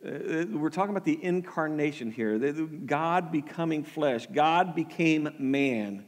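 High-pitched guy giving a sermon in a church, earnest and emphatic, restarts a lot, big echoey hall. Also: measured pace. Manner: earnest, repeats words when starting a thought, builds to emphatic peaks. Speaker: pastor.

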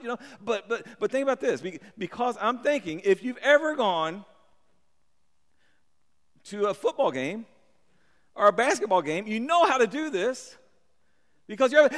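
A man preaching a sermon in a church on a microphone, talking conversationally with repeated words and sudden shouts for emphasis. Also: high voice, sing-song, moderate pace, long pauses, in a large hall. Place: church sanctuary. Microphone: handheld or stand mic.

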